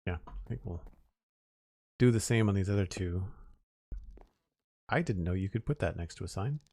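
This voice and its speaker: A low-pitched man with a gravelly, creaky edge talks through his building choices on a live stream, easygoing and thinking aloud. His voice is a little hoarse, as if he is losing it. The sound is dry and close, with no room echo. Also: normal speed. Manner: relaxed, thinking aloud with small restarts. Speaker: game streamer. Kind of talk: casual live-stream commentary while building.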